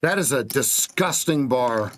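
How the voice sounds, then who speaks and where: A man's voice: medium pitch, expressive, a little slow, fairly bright tone, slight background noise. A man coaching viewers through a live trading stream, giving clipped, blunt market calls with casual slang.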